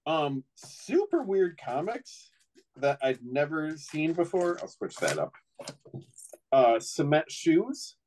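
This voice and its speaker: A man's voice: fairly high pitch, sing-song, slow, darkish tone, low-quality recording. A middle-aged man on a casual chat show, rambling through an anecdote with many restarts. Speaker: co-host.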